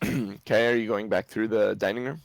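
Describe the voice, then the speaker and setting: Gravelly low-voiced man running a game. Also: steady tone, moderate pace, dry recording, rough recording. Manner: chuckles often while describing scenes. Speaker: game master. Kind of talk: narrating a tabletop game.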